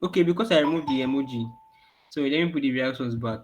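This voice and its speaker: A man's voice: medium pitch, fast, slight background noise. A man teaching an online coding class to children, asking questions and answering them himself. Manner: repeats questions for the kids to answer. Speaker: programming teacher.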